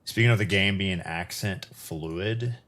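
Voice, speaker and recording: A man's voice: low voice, unhurried, fairly bright tone. A man streaming live gameplay, chatting wryly and reacting aloud to the game.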